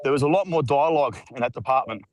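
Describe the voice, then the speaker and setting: A man's voice: medium pitch, fast talker, darkish tone, no room sound, poor audio. A man with an Australian accent chatting laid-back and rambling on a video call while out walking. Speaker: regular guest. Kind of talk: casual video call chat. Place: outdoors, walking.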